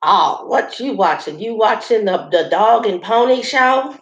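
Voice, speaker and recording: A woman's voice: mid-range voice, level tone, moderate pace, roomy sound, dull audio, pitched above the performer's own voice, lightly acted. A woman voicing an opinionated man with a heavy Southern drawl, quoting his dismissive small talk.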